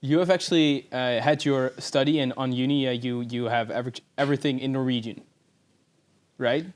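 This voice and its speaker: A man co-hosting a casual podcast interview, asking questions in a halting way with many repeated words. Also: medium pitch, fairly even intonation. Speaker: podcast co-host.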